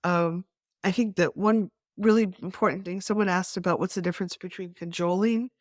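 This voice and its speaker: A woman's voice: on the low side, fairly even intonation, fairly quick, dry recording, studio quality. A middle-aged woman co-hosting a skills workshop, explaining ideas in casual talk and acting out quoted voices with many restarts. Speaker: workshop co-host.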